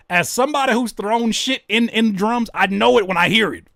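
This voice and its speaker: A man hosting a casual livestream, reacting to music and joking with chat in an animated way. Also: high voice, a little fast, creaky, few pauses, dry recording, clean studio sound. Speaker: livestream host giving music feedback.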